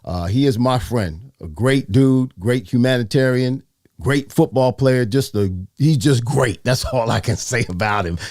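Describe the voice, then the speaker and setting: Older man, talk show host, animated, repeats himself for emphasis, dry close sound. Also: mid-range voice, a little slow, no room sound. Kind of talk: casual interview show.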